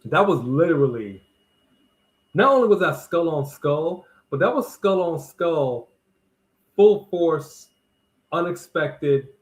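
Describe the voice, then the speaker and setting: A man's voice: a little high, animated, takes it slowly, pauses often, low-quality recording. A man co-hosting a live wrestling watch-along, chatting casually and animatedly as he reads out viewers' greetings and weather. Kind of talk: casual live-stream chat.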